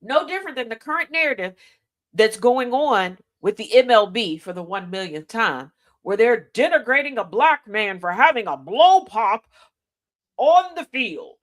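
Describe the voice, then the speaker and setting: A woman's voice: fairly high pitch, sing-song, normal speed. Woman radio host, opinionated monologue, emphatic, repeats herself for emphasis, slangy asides. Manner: emphatic, addresses listeners directly with rhetorical questions; repeats key lines for emphasis.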